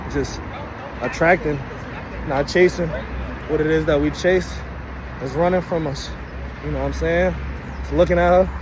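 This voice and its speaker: Young man, Brooklyn accent, slightly high, laid-back slangy storyteller; clear street noise outdoors. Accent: Brooklyn, New York. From Brooklyn, New York. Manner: loose, slangy, heavy with "you know what I'm saying". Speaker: vlogger. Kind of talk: casual storytelling. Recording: noisy outdoor street recording.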